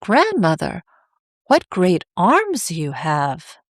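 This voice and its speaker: An innocent, trusting little girl from a storybook, voiced by a woman narrator, who speaks openly and without guile. Her lines come slowly, in a slightly low voice. The sound is dry and close. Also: wildly swooping pitch, dry recording, heavily acted. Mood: wondering. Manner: innocent and open.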